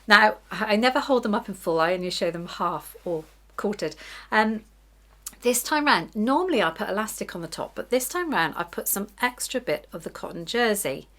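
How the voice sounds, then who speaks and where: A woman's voice: medium pitch, lively intonation, moderate pace, a bit bright. A middle-aged woman chatting casually to camera about her sewing week, chatty and self-deprecating, often giggling. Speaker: sewing vlogger.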